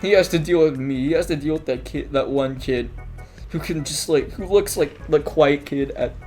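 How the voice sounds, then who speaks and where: A man's voice: a little high, normal speed, darkish tone, soft background music. A man telling school stories in a casual, rambling monologue, full of filler words, restarts and offhand swearing.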